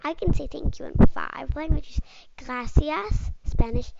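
A woman reading a children's picture book aloud in a gentle, playful read-aloud manner. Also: sits high, expressive, a little slow. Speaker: storyteller. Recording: muffled lo-fi recording with clear background noise.

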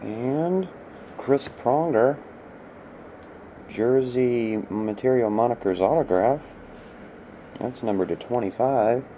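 A man casually calling out cards as he opens packs, rambling and easily excited, with a laugh here and there. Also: mid-range voice, slow, pauses often, slight background noise. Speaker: card break host. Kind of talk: casual card-opening commentary.

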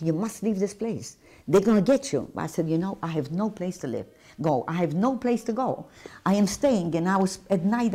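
An older woman giving emotional personal testimony as a Holocaust survivor, speaking in a halting, intense way. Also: medium pitch, mellow.

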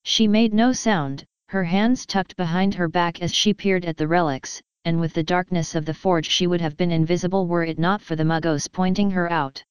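A woman narrating a story with an even, steady delivery. Her voice sits a little low and is exceptionally clear. The sound is dry and close. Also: moderate pace, few pauses, dry recording, poor audio. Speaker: story reader. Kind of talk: scripted narration.

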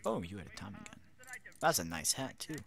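A young man giving goofy, playful commentary over a video game, chatting to the characters and swinging between loud outbursts and hushed whispers. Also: fairly low pitch, very animated, fairly quick, gravelly, a crowd in the background. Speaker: gaming commentator.

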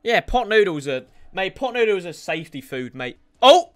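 A young man giving excitable commentary over his own football video game matches, shouting at players and swearing. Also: sits high, normal speed. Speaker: gaming YouTuber. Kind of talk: gameplay commentary.

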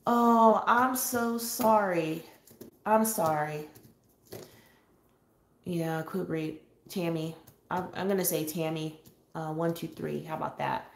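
A woman from San Diego hosting a casual live-stream chat for her coloring channel, talking freely with frequent little laughs and filler pauses. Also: on the low side, fairly even intonation, gravelly, roomy sound, slight background noise. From San Diego, California. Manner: chatty, laughs often, pauses with um. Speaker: adult coloring channel host. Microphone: home live-stream setup.

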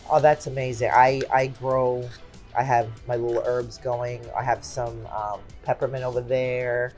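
A woman's voice: rumbling low, little pitch movement, a little slow, darkish tone, faint music behind. A woman in her forties hosting a craft channel, chatting casually and exclaiming often as she unboxes gifts at home.

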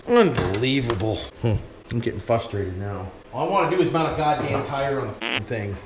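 A man's voice: medium pitch, animated, brisk, roomy sound, noisy background. A man from Canada with a Canadian accent, chatting to his viewers as he works in his workshop, cursing and calling them 'boys'. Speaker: vlogger. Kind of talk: casual workshop vlog, talking to viewers.

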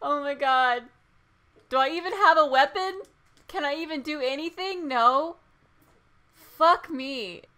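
A woman playing a horror game and reacting out loud, frightened, swearing, gasping and laughing nervously. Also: high-pitched, measured pace. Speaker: let's play gamer.

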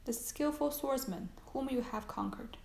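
A woman's voice: high-pitched, a little slow, vocal fry, darkish tone, roomy sound, voice pushed up. A woman voicing an earnest, anxious young soldier, reading his lines in a pleading way.

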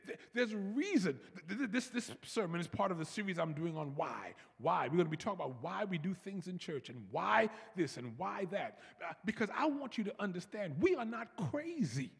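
A man preaching a sermon as pastor, animated and repetitive, calling on his congregation to answer back. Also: sits high, creaky, husky, in a large hall. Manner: animated preaching, repeats words, leads congregation call-and-response. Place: large church.

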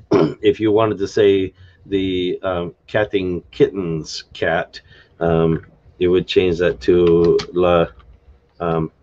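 A man with a very low voice talks through word endings on a live stream, pausing, restarting and spelling words letter by letter. The audio is dull and lo-fi, with keyboard typing behind him. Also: flat delivery, a little mellow. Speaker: live stream host explaining a constructed language. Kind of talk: unscripted casual explanation.

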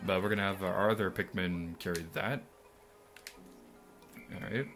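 A man's voice: sits low, steady tone, a little slow, fairly bright tone, faint music behind. A young man giving rambling, mildly sarcastic let's-play commentary, full of ums and asides. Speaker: gameplay commentator.

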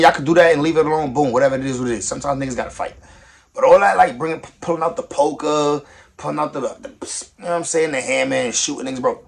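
A young man giving slangy, animated commentary on a news story, swinging from soft to loud. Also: medium pitch, racing, vocal fry. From New York. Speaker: vlogger reacting to news. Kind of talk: casual street-talk commentary.

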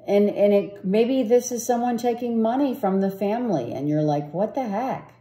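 A woman gives a casual tarot reading, rambling, repeating herself and often asking "right?". Her medium-pitched voice is mellow and reverberant, at a normal speed.

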